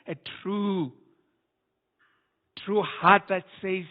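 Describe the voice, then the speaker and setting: A man preaches with emphasis, often repeating words and restarting phrases. His voice sits high for a man, and he speaks slowly. The sound is narrow and tinny, as if heard over a phone line. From South Africa. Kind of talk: sermon.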